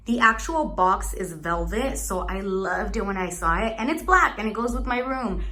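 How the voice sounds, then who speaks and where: Young woman vlogger, casual rambling tour chat, a bit out of breath, middle-pitched voice. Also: expressive, normal speed, bright, forceful tone. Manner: chatty, rambling, searches for words aloud. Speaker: beauty vlogger.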